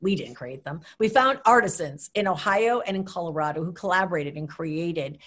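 An animated woman with a fairly low voice is telling an anecdote in an interview. She jumps in pitch as she acts out the people she quotes, then settles back into her own lower voice. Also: moderate pace. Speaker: former government official recounting an event.

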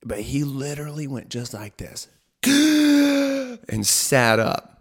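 A man's voice: on the high side, big pitch swings, takes it slowly, slightly rough. A young man casually telling a personal faith story, chatty and self-mocking, filling his talk with "like" and "right?". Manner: chatty, with frequent "like" and "right?", laughing at himself. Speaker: storyteller sharing a faith testimony.

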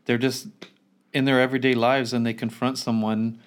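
A man's voice: medium pitch, little pitch movement, moderate pace, clear, resonant tone. A man with a mid-range voice talks earnestly in a casual film chat. He often repeats a word or two as he gets going. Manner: earnest, repeats words when starting a thought.

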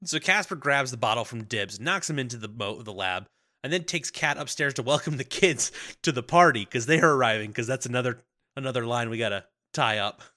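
Animated man recapping a movie. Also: medium pitch. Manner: animated, acts out characters in quick impressions. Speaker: podcast co-host recapping a film. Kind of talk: casual chat.

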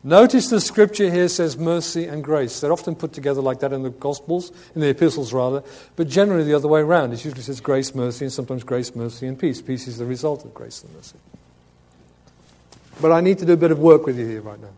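A man preaching a sermon, stressing key words loudly, then dropping to quiet asides and asking the congregation questions. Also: on the high side, fast. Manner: emphatic, swings between loud urgent stress and quiet asides.

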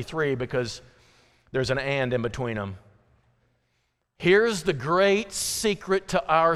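A man's voice: fairly high pitch, fairly bright tone. A male pastor preaching a sermon to his congregation, emphatic and repetitive on key phrases, with folksy asides and direct questions to the listeners. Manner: emphatic, repeats key phrases, slows down for stress. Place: church sanctuary. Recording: long reverb from a church hall.

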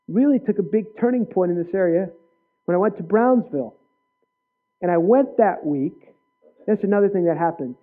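A male preacher giving an earnest personal testimony in a sermon, with sudden loud bursts. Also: sits high. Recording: tinny phone-like sound.

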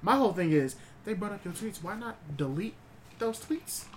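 A man's voice: sits high, lively intonation, normal speed, a little hiss or hum. A man co-hosting a podcast who gives blunt, opinionated rants. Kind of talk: casual chat.

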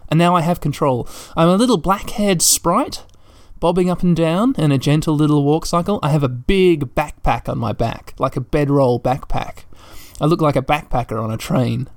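A man's voice: on the high side, normal speed, no room sound, clean studio sound. Man narrating a video game playthrough. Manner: describes the screen aloud as he plays, thinking out loud. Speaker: gameplay commentator. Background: faint game music.

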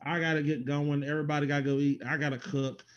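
Rambling casual podcast host. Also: male voice, fairly high pitch, little pitch movement, quick pace, lo-fi sound. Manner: rambling, loose and laughing, casual swearing. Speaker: podcast co-host doing plugs.

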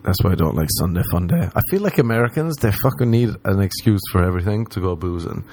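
Low-voiced Irish man telling stories. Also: quick pace. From Ireland. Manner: animated, swears a lot, acts out quoted voices. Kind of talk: casual comedic storytelling.

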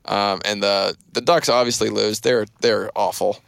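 A man's voice: lowish voice, steady tone, unhurried, gravelly, a bit bright, smooth, no room sound. A man in his thirties hosting a podcast, recapping a movie in a rambling, casual chat full of fillers and restarts. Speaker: podcast host.

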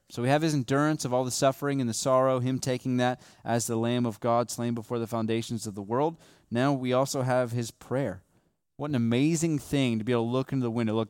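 A young man preaches with a smooth, resonant voice, dry and close to the mic. He talks to the congregation casually, checking in often, and swings from quiet, low stress to loud, urgent emphasis. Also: no room sound. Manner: conversational, often tags lines with "okay?" and "right?"; shifts between hushed emphasis and raised, stressed lines. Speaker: pastor. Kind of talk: sermon.

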